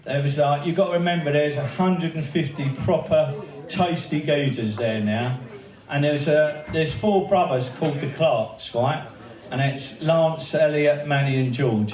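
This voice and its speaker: A man's voice: on the high side, darkish tone. A man giving a laughing, swear-filled anecdotal speech to a crowd in a pub, acting out the other people's lines as he goes. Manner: swearing, laughing storyteller who acts out the quoted voices. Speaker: speaker at a memorial birthday event. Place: pub function room. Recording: echoey room, heard from a distance.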